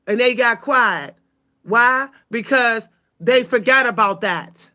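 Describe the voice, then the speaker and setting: Taking it slowly, a woman with a fairly high, pushed and bright voice rants to the viewers of her own channel. Her storytelling is heated and emphatic, and she swears freely.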